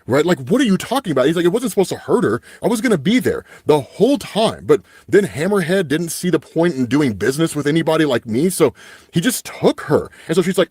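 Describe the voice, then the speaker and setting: A man's voice: a little high, big pitch swings, fairly quick, darkish tone, breathy edge, no room sound, studio quality. A young man hosting a casual comic book recap, animatedly paraphrasing the characters' dialogue with frequent "right?" asides. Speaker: comic book channel host.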